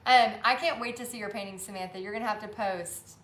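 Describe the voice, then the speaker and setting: A woman's voice: a little high, steady tone, fast talker, fairly bright tone, roomy sound. A woman with a Texan accent teaching a live-streamed painting lesson, chatting and reading viewers' comments aloud. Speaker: paint party instructor.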